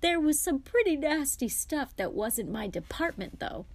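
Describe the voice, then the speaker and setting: A woman's voice: sits high, big pitch swings, moderate pace, voice pushed up. Woman doing tired father, mumbling, weary, kindly, balding, storybook reading.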